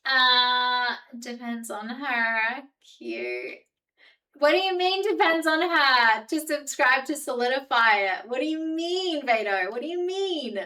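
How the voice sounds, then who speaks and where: Woman, Australian accent, streamer, chatty and rambling, higher voice, bright tone, a bit off-mic. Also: recorded from a distance, rough recording. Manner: chatty, rambling, heavy use of "like". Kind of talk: casual live-stream chat.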